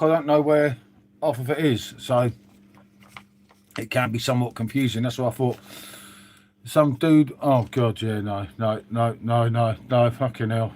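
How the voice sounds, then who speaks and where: A man's voice: mid-range voice, a little mellow, slight background noise. A man chatting casually on a live stream, reading out viewer comments with lots of "mate" and "um".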